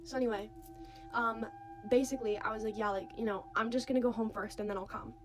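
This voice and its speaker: A young woman with a slightly high voice tells a story in a loose, chatty way. She fills her talk with "like" and acts out the lines of the people in it. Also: quick pace, noisy background. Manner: animated, quotes others' voices, many "like"s. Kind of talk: casual storytime.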